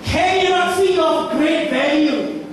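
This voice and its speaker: A man voicing God as a tender, urging figure in a high, pleading tone, recorded from afar in an echoey hall. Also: slow pace. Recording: echoey hall, distant mic, ambient noise.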